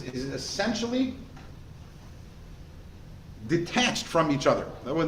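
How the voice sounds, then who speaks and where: A man, a rabbi teaching a class, in a lively way, often asking the listeners questions. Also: fairly high pitch. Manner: animated, asks the class rhetorical questions. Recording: echoey room with faint noise.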